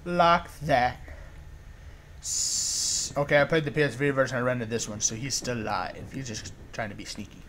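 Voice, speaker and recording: A young man commentating a zombie game as he plays, joking around, humming along and yelling in panic when attacked. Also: medium pitch, steady tone, normal speed, noisy background. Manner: jokey, shouts and yelps in panic, hums along. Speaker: gamer. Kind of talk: let's play commentary.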